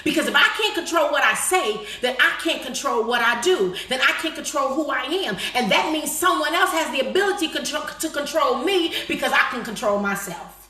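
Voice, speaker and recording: A woman preaching a live-streamed motivational sermon. She is emphatic, swinging from shouted lines to slow, low, drawn-out stresses, and repeats key phrases for emphasis. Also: expressive. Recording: echoey room.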